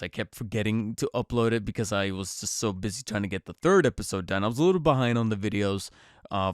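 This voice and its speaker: Stuffy-nosed guy chatting on his podcast, lowish voice, rambles a lot, lots of ums and restarts. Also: smooth, no echo, studio quality. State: congested from a cold. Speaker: podcast host. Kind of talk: casual solo podcast talk.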